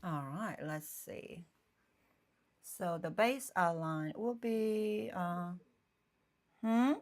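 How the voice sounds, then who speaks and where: A woman painter chatting casually on a live stream from her home painting room, thinking aloud in halting phrases and often checking in with her viewers. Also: fairly low pitch. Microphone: phone streaming live.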